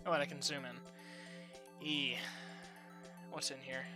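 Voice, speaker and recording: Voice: mid-range voice, flat delivery, slow, music in the background. A game streamer giving live, frustrated, swearing reactions while playing. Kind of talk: live-stream gameplay commentary.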